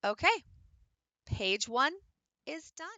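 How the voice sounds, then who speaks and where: A woman's voice: high-pitched, sing-song, takes it slowly, pushed and bright, dry recording. A woman teacher patiently explaining, step by step, how to build a classroom visual aid while she works with her hands. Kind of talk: instructional craft tutorial.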